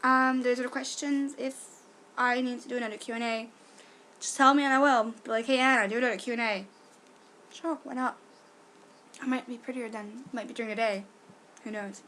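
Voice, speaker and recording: A young woman with a fairly high voice, chatting through a casual question-and-answer vlog. She is self-deprecating and easygoing, recorded at home on a camera mic with a faint hum of ambience behind her. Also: steady tone, moderate pace, long pauses, pushed and bright. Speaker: vlogger.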